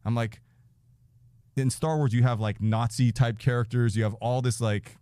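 A man in his forties telling a story in casual chat as a podcast guest, animated and profane, laughing often and acting out quotes. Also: mid-range voice, normal speed, clean tone, no echo, studio quality.

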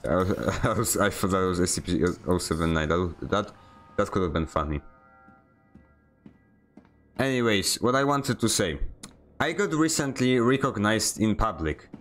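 A man with a lowish voice chats while he plays a game on stream. He rambles, pokes fun at himself and keeps stumbling into restarts mid-sentence. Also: expressive, normal speed, long pauses, fairly bright tone, faint music behind. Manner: joking, self-mocking. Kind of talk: casual chat while gaming.

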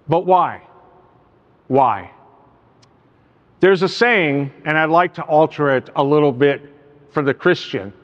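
A man preaching a sermon as pastor, asking rhetorical questions and telling stories. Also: on the high side. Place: church sanctuary. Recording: reverberant church hall, dull sound.

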